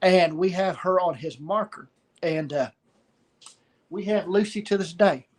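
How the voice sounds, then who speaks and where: A middle-aged man, telling a personal story of loss in a halting way, pausing and repeating words. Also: sits high, darkish tone. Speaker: guest sharing a story of loss.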